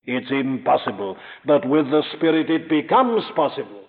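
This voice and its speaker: Impassioned preacher on a tinny tape. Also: male voice, mid-range voice, sing-song, moderate pace. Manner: earnest, emphatic, rising to impassioned peaks; addresses listener directly. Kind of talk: sermon.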